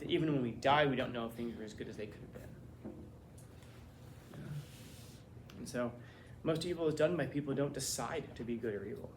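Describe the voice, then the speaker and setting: A male teacher giving a classroom philosophy lecture, animated and conversational, firing off rhetorical questions to his students. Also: mid-range voice, slight background noise.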